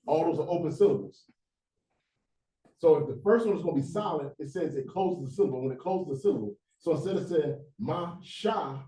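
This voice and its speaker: A man teaching a Hebrew reading class, patiently explaining rules and sounding out syllables slowly, one by one. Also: a little high, dark tone, slightly rough. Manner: patient, repeats sounds slowly to demonstrate pronunciation. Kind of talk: classroom language lesson.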